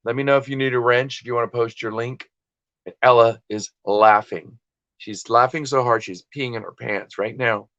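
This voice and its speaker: A man's voice: mid-range voice, steady tone, normal speed, fairly bright tone, dry recording, highs cut off. A man hosting a casual livestream while listing items for sale, rambling and self-deprecating as he chats with viewers. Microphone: desktop computer and phone.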